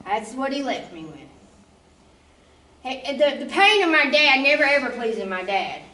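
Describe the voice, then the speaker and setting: A woman's voice: high voice, sing-song, moderate pace, bright, forceful tone, roomy sound, distant mic, poor audio. A woman giving an emotional, conversational church testimony, often checking in with her listeners. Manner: emotional, conversational, often asks "you know?". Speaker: testimony speaker.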